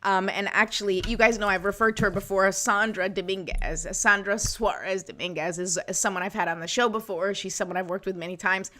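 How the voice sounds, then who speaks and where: A woman's voice: mid-range voice, fairly even intonation, fairly quick, hardly any pauses. A middle-aged woman hosting a live wellness show, talking in a casual, encouraging way and often checking in with listeners. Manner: warm, encouraging, conversational with frequent "right?" and "okay?". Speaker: host of a wellness livestream. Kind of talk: casual motivational talk to live viewers.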